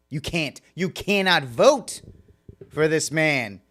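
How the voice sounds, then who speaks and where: A man hosting a talk radio show, commenting with animated, sarcastic asides. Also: fairly high pitch, slow.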